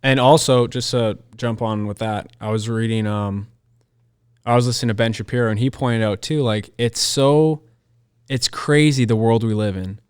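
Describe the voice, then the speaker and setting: A man's voice: medium pitch, moderate pace, darkish tone, clear, resonant tone. A man co-hosting a Christian podcast, talking in an earnest, emphatic way and repeating his key phrases. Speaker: podcast co-host. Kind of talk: conversational Christian podcast discussion.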